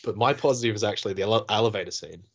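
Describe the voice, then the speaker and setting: A man's voice: fairly low pitch, rapid-fire, dull audio. A man co-hosting a casual film-review podcast, laughing often, swearing freely and mimicking characters as he talks. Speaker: podcast co-host.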